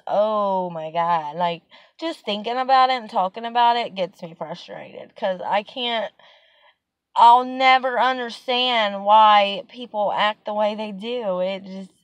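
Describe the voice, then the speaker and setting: A woman's voice: mid-range voice, no echo. A young woman talking casually in her home vlog, venting with exasperation and lots of "like". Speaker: vlogger.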